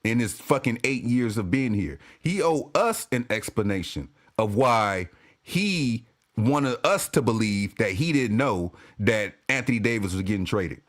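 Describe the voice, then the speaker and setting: Talking to camera about basketball, this fan speaks at a measured pace in a fairly low voice with lively intonation that swings widely. His casual rant is profane, broken up by laughter, and he says the same lines again and again.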